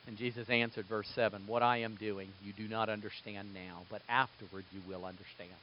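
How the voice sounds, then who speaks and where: A man preaching a sermon, moving between quiet, low passages and loud, emphatic bursts. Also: level tone, fairly quick, muffled recording. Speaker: pastor.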